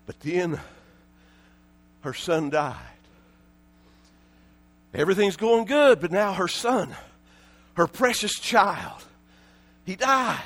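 High-voiced, bright, shouting preacher man. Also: expressive, slow, long pauses. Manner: impassioned, often shouting, repeats words in bursts. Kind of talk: sermon.

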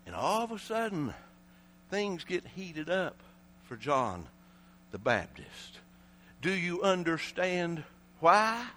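A man with an Appalachian accent preaching a sermon, telling the story dramatically, swinging between shouting and low hushed tones. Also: very animated, takes it slowly, long pauses, slight background noise.

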